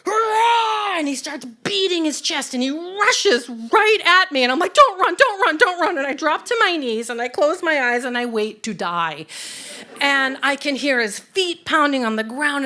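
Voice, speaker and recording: Animated woman telling a live story. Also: sits high. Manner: vivid, animated, swings from hushed to excited.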